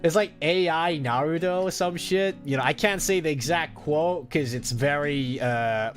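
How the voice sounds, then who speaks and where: Streaming as a VTuber, a man chats casually, trading crude jokes and trash talk and laughing often. His voice is slightly high and his pace measured, with soft music playing behind him.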